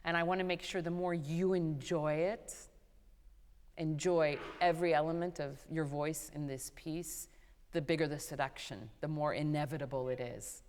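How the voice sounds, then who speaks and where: A woman teaching a vocal master class, animated and playful, who often sings short phrases to show what she means. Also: low voice, normal speed. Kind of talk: coaching a singer in a master class. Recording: hall reverb, live concert hall.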